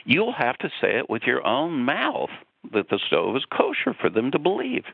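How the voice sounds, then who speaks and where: An anxious young rabbi, as a man puts him on with a raised, earnest voice. He pleads, and his tone is gravelly. The sound is thin, as if over a phone line. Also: mid-range voice, huge pitch swings, normal speed, no room sound, pitched above the performer's own voice, full character voice. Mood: pleading.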